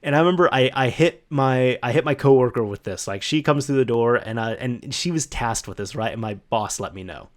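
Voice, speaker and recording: A man's voice: medium pitch, a little fast, hardly any pauses. Chatty man telling a story. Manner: chatty, full of "like" and restarts, acts out quoted voices. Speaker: podcast host. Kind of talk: casual solo storytelling.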